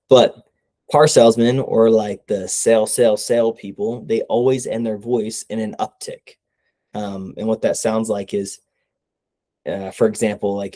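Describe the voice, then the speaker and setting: Mellow, low-voiced man coaching sales. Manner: conversational, keeps checking in with "right?". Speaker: sales trainer. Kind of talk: casual coaching talk.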